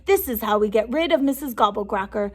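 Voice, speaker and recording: A woman plays a scheming male helper in a storybook. He speaks loudly and gleefully about his plans. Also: a little high, animated, fairly quick.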